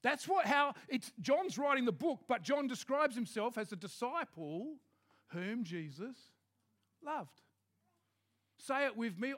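A man preaching a sermon to his congregation in a lively, joking, conversational way. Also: very high-pitched, unhurried. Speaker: pastor. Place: church hall with a congregation.

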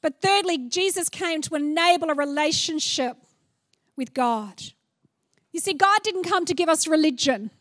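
A middle-aged woman preaching a sermon, animated and playful, acting out little scenes as she goes. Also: high-pitched, moderate pace, dry recording, clean studio sound.

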